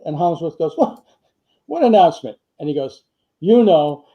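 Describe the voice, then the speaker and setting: A man's voice: a little high, big pitch swings, a little fast. An older man, a retired firefighter, telling long anecdotes in a casual interview, full of fillers and quoted dialogue. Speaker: retired firefighter and author, guest. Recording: muffled lo-fi audio.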